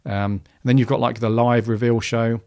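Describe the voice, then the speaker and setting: A man's voice: mid-range voice, level tone, normal speed, darkish tone. A man hosting a podcast, talking casually and rambling with many restarts and fillers. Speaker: podcast host.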